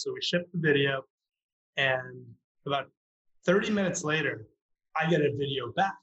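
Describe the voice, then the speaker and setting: A man, a startup founder, telling a story on a podcast with lively acted-out quotes. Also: medium pitch, moderate pace, long pauses. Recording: roomy, dull lo-fi sound.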